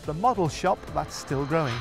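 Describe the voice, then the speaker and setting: A man's voice: fairly high pitch, expressive, normal speed, gravelly, soft background music. A male TV presenter narrating a local business show and bantering with his co-host. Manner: chatty, teasing banter with co-host.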